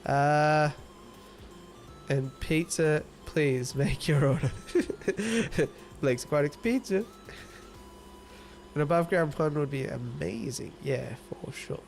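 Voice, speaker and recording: A man's voice: fairly high pitch, lively intonation, takes it slowly, gravelly, long pauses, faint music behind. Playful Australian man hosting a livestream. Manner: playful, teasing, laughs often. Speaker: livestream host. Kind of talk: casual live chat reading viewer comments.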